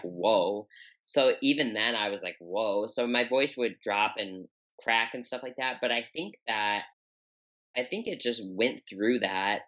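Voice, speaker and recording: Young woman guest, unusually deep voice, forceful tone, candid and rambling, dull lo-fi audio. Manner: open, candid, rambling with many fillers. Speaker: podcast guest, bodybuilder. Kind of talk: casual interview talk.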